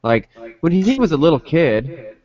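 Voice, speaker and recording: A man's voice: a little high, sing-song, a little slow, darkish tone. Laid-back man, muffled lo-fi podcast. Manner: laid-back, hesitant, many fillers. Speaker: podcast co-host. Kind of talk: casual chat.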